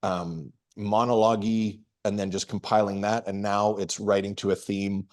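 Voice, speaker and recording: Man, middle-aged, lowish voice, relaxed storyteller, interview guest. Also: moderate pace. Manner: relaxed storytelling with frequent restarts and laughs. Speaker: guest comedian and performer. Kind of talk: casual interview answers.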